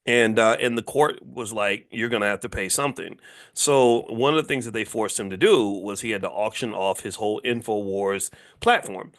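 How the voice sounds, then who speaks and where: A man in his fifties with a fairly low voice lectures casually on finance, pressing his points through repetition. He keeps throwing rhetorical questions at the listeners, in an emphatic, conversational way. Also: moderate pace, hardly any pauses. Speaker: finance educator and commentator.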